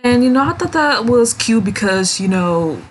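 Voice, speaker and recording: A woman's voice: fairly high pitch, lively intonation, moderate pace, slight background noise. A woman reviewing episodes of a series in a casual, chatty way, giggling often and acting out the characters' lines. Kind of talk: casual recap vlog.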